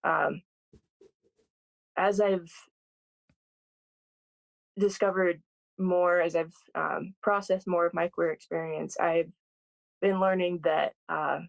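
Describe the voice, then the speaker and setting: A guest in their thirties tells a personal story in a thoughtful, hesitant way, with many pauses and restarts. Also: mid-range voice, little pitch movement, creaky, no echo, low-quality recording. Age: 30s. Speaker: podcast guest.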